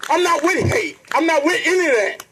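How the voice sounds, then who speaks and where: High-voiced man giving an impassioned rally speech. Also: animated, a little fast, fairly bright tone, slight background noise, poor audio. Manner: earnest, preacherly, keeps addressing the crowd directly. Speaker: rally speaker. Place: outdoor protest rally.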